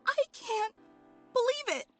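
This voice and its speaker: Brief: an emotional, clingy young woman, high and swooping. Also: expressive, unhurried, fairly bright tone, full character voice. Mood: gushing. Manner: breathless, overly emotional gushing. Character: gushing, clingy, obsessive young woman fan. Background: faint game music.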